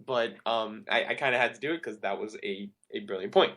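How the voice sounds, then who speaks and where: A man's voice: fairly low pitch, a little fast, fairly bright tone. A man hosting a talk show, giving an earnest, rambling monologue that often corrects itself mid-sentence. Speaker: radio show host.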